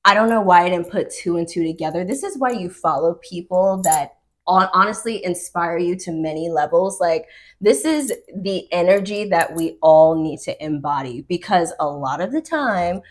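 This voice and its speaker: A woman's voice: fairly low pitch, expressive. A woman hosting a podcast in upbeat, affirming casual chat, often chiming in. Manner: upbeat, affirming, quick interjections. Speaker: podcast host.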